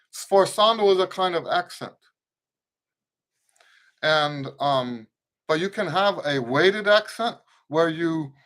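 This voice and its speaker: Man teaching trumpet, fairly high voice. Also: a bit bright. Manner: talks through points loosely, with restarts and sung syllables. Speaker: trumpet teacher hosting a live Q&A. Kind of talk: casual spoken lesson with playing demonstrations.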